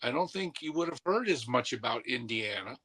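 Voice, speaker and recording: A man co-hosting a podcast, reminiscing in a rambling, animated way in casual chat. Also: medium pitch, a little fast, slight background noise.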